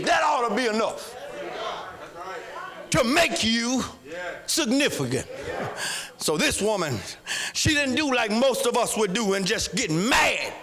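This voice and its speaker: A man pastor, preaching a sermon in a sing-song chant that climbs into shouts. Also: very high-pitched, sing-song, slow, pauses often, crowd noise.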